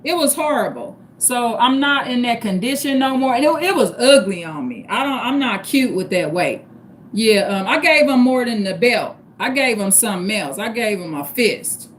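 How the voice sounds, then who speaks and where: A woman's voice: a little high, animated, moderate pace, a little hiss or hum. Blunt, profane middle-aged woman livestreaming. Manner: blunt, profane, addresses viewers as y'all. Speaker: livestream host. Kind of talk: unscripted livestream talk.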